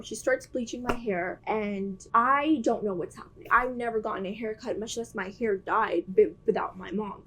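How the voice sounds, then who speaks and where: A young adult woman tells a casual storytime. Her voice sits a bit high. She talks in an animated, self-mocking way and leans on "like" as a filler. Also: slightly rough. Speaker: vlogger telling a story.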